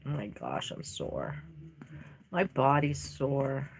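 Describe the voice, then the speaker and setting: A woman chatting casually while she paints a doll on a live stream, telling rambling stories in an expressive way. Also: a bass voice, takes it slowly, creaky.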